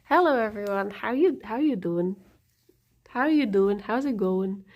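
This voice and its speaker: A young woman streaming, telling a story in a casual, giggly, animated way. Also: medium pitch, measured pace, highs cut off. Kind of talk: casual chat.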